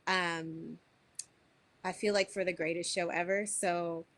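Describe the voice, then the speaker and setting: Slow, earnest low-voiced woman. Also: steady tone. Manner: earnest and reflective, pausing often with soft fillers. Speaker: wellness teacher giving an astrology forecast. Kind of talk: unscripted spiritual talk to camera.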